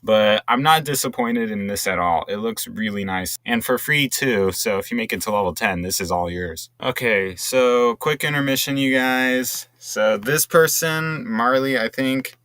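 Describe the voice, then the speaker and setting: A man's voice: fairly low pitch, moderate pace, hardly any pauses, a bit bright, no room sound. A young man casually commenting on game cars, enthusiastic and rambling, with restarts. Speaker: gaming video creator.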